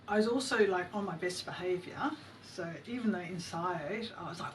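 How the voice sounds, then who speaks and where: A middle-aged Australian woman voice actor talking in an interview, gentle and chatty. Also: mid-range voice, normal speed, background noise. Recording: distant interview clip with music.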